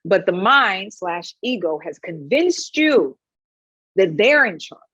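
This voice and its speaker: Wellness coach, woman, husky animated delivery, dry dull lo-fi sound. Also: medium pitch, slow pace, dry recording. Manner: animated storyteller, frequent "right?" tag questions. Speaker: wellness practitioner. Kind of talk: conversational panel advice.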